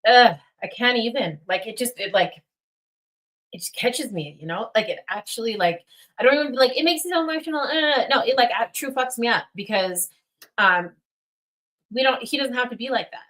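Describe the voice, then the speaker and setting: A young woman hosting a casual livestream, rambling with many fillers and getting excited. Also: fairly high pitch, normal speed. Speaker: livestream host.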